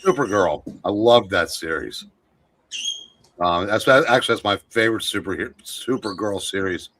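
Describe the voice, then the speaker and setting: A man's voice: lowish voice, normal speed, fairly bright tone. A tired man chatting casually as co-host, rambling and hesitant, yawning now and then. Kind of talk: casual chat.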